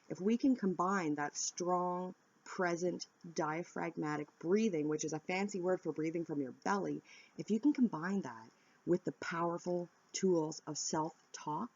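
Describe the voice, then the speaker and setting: A woman's voice: on the low side, a little mellow, dry recording, muffled recording. A woman wellness vlogger giving earnest, candid self-help advice to viewers. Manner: earnest, coaching, direct and candid. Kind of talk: instructional self-help talk.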